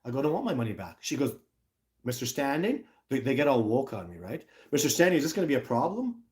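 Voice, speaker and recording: A middle-aged man with a voice of ordinary pitch tells a story on a livestream. He rants bluntly and acts out other people's lines in mocking voices. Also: sing-song, fast talker, a little mellow. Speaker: livestream host.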